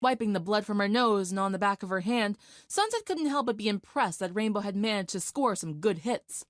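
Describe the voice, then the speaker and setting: A woman narrating a dramatic fan fiction story in a steady, vivid storytelling voice. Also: mid-range voice, fairly quick, no echo, clean studio sound.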